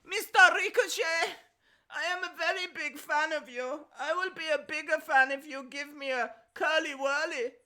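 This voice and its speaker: A man's voice: normal speed, full character voice. A man voicing a greedy male pig with a thick German accent, craving chocolate. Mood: excitable. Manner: high squealing shouts, chocolate-hungry.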